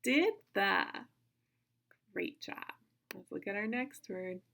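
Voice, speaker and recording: A woman teaching a kindergarten phonics lesson, sounding out words slowly in an encouraging sing-song way. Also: medium pitch, creaky, a bit bright. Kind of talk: phonics lesson for young children.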